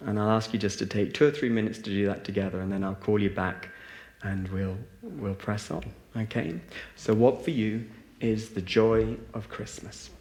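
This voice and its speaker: A man's voice: on the low side, moderate pace, a little mellow, a little hiss or hum. Man, spiritual talk, reflective, many fillers and restarts, roomy echo. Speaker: speaker leading a group meditation. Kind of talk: spiritual talk to a live audience. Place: large hall with a live audience.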